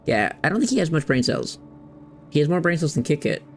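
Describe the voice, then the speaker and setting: A man's voice: on the high side, sing-song, brisk, slight background noise. A man hosting a gaming video, chatting casually in a rambling, candid way and swearing now and then. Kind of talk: casual chat while playing.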